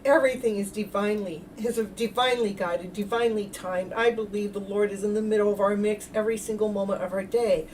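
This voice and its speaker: Woman, self-love coach, livestream chat, halting and expressive, fairly high voice, a little off-mic with faint noise behind. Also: recorded from a distance, low-quality recording. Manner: animated storytelling, acts out her own past thoughts with loud exclamations; halting, repeats and restarts words. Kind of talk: livestream talk to chat viewers.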